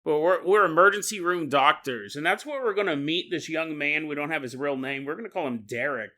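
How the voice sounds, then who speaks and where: A podcast host, a man with a high, very bright voice that has a sharp edge, rattles off a jokey storytelling monologue at a brisk pace, laughing often.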